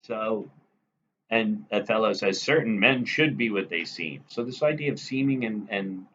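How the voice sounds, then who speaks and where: Lower-voiced man teaching in a lo-fi recording. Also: expressive, a little slow, fairly bright tone. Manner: conversational, frequent "right?" check-ins. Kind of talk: literature lecture reading quoted lines. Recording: dull lo-fi recording with faint noise.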